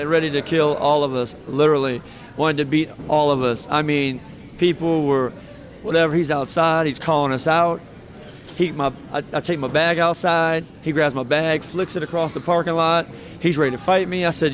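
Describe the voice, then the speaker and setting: A man's voice: on the high side, fairly even intonation, moderate pace. A man, a professional wrestler, telling rambling, heartfelt stories with laughs between them in a casual interview.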